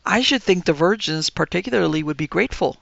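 A man voicing a mild, fussy old male dragon who speaks in a genial, unhurried, teasing way. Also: high-pitched, lively intonation, creaky, a bit bright, no echo, dull audio, heavily acted.

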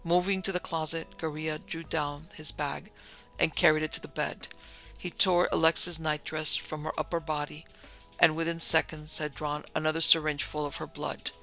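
Gravelly male storyteller, bright and grave. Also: on the high side, flat delivery, moderate pace, soft background music, low-quality recording. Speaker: narrator. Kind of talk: scripted story narration.

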